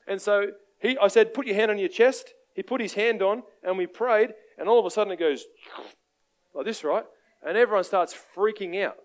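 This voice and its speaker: An Australian preacher man with a fairly high-pitched voice. He tells stories in a loose, conversational way and keeps checking in with the congregation. He sounds lively and animated throughout. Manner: animated, conversational, asks the crowd for amens. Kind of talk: sermon with storytelling.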